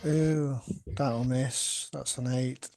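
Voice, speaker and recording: A man's voice: mid-range voice, fairly even intonation, very slow, gravelly, warm tone. A man playing a tabletop game, casual and self-deprecating about his dice rolls. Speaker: player. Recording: faint guitar music behind.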